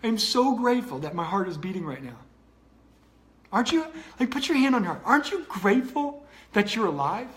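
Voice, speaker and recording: High-voiced man giving a motivational talk. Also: big pitch swings, a little fast, fairly bright tone. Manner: earnest, repetitive, greets viewers by name. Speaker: online coach.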